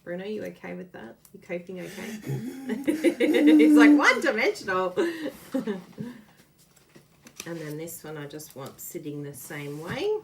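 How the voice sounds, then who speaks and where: A woman hosting a casual card-making demo, chatty and quick to laugh as she works. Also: lowish voice, animated, vocal fry, crowd noise. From Australia. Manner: chatty, laughs often, explains while working. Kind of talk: casual live craft demo.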